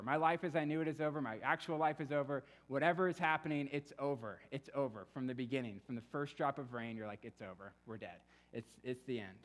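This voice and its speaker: Conversational pastor preaching in a church hall. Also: male voice, a little high, fairly bright tone. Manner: storytelling, conversational, acts out quoted voices. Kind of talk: sermon. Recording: long reverb of a church hall.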